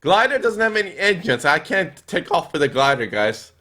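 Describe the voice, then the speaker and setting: A young man streaming a flight game, chatting with viewers and thinking aloud with lots of fillers, now and then breaking into excited yells. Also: a little high, normal speed. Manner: reads and answers viewer chat while playing. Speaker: gaming streamer. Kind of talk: live gameplay commentary.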